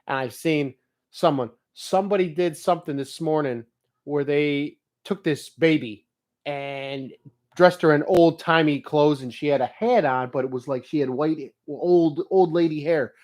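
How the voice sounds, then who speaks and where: A man's voice: on the high side, unhurried. A middle-aged man talking in a casual vlog monologue, telling funny stories, swearing freely and reading notes aloud. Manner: animated storyteller who swears and laughs freely. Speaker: motivational vlogger.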